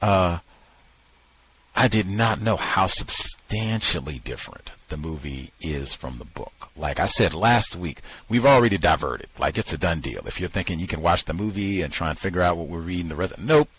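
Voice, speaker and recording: A man's voice: low voice, animated, moderate pace, a bit bright, breathy edge. A man hosting a book discussion, talking emphatically and repeating phrases for effect. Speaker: host.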